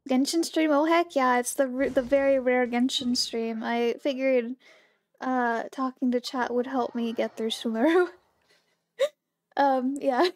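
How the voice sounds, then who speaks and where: A woman streams a game and chats casually with her viewers, bubbly and greeting them by name. Her high-pitched voice is a little mellow and slightly hoarse from the morning, with no echo.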